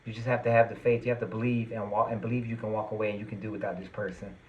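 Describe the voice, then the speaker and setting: A man's voice: lowish voice, flat delivery, very fast, lo-fi sound. A man giving a tarot reading to his viewers, earnest and reassuring, at times getting worked up and emphatic. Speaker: tarot reader.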